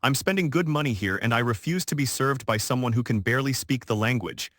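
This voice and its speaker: A man's voice: mid-range voice, lively intonation, fast, fairly bright tone, no echo, clean studio sound. A man voicing an arrogant, impatient businessman in a narrated story, talking down to others. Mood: condescending. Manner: condescending and assertive.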